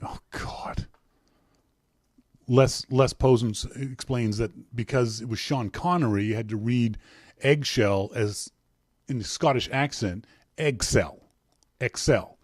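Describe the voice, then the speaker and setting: This podcast host is a middle-aged man with a mid-range, slightly mellow voice at a moderate pace. He reads listener emails with playful teasing, frequent laughter and many restarts, captured in a dry studio recording.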